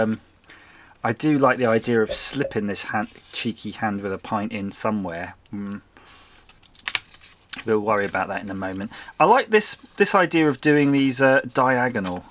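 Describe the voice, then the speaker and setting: A man talks casually while he crafts. He keeps up a chatty flow of self-mocking remarks and quiet muttered asides. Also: mid-range voice, a little hiss or hum. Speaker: crafting channel host. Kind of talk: casual chat while making a collage.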